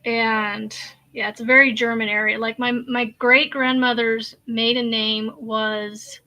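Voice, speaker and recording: A woman from Kansas hosts a relaxed crochet live stream with a bright, higher voice. She talks slowly and warmly to her viewers, reading their comments, and breaks into laughter often. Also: muffled recording. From Kansas, USA. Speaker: crochet channel host. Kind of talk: casual live-stream chat.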